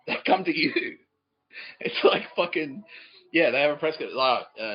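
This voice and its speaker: A man's voice: a little high, big pitch swings, fairly quick, breathy edge, muffled recording. A man hosting a comedy podcast, rambling through a comic monologue, often laughing at his own stories and swearing freely.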